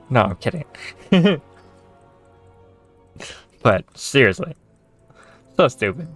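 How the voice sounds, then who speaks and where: A man's voice: medium pitch, big pitch swings, slow pace, long pauses, fairly bright tone, faint music behind. A man, a gaming video creator, ranting casually with lots of swearing, sarcasm and exasperation. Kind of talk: casual rant to camera.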